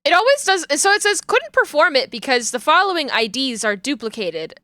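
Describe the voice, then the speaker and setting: A woman's voice: sits high, big pitch swings, fairly quick, sharp tone, dry recording, studio quality. A woman streaming live, chatting casually and playfully with her viewers and giggling while she works. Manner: playful and giggly, talks to chat while working.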